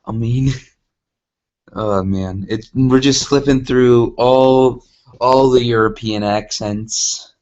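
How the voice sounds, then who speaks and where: A man's voice: medium pitch, fairly even intonation, slow pace, a little mellow, dull audio. A man rambling casually, self-mocking, while reading a story aloud over a game. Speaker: gameplay vlogger.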